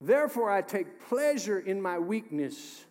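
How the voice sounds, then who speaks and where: A man, the pastor, preaching a sermon emphatically, moving between loud urging and hushed, slow delivery. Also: high voice, sing-song. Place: church sanctuary. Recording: music under voice in a reverberant hall.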